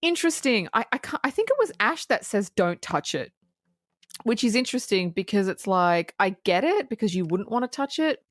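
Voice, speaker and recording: A woman co-hosting a podcast, recapping a film in casual chat, lively and laughing, swearing freely. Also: mid-range voice, fairly quick, no room sound, studio quality. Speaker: podcast co-host.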